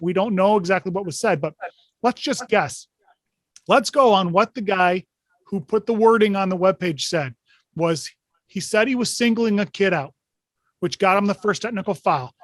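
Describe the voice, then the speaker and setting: A man's voice: high-pitched, a bit bright, no room sound. Man hosting an online officials meeting. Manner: conversational, rhetorical questions. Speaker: meeting host. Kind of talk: instructional talk to officials. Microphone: video call.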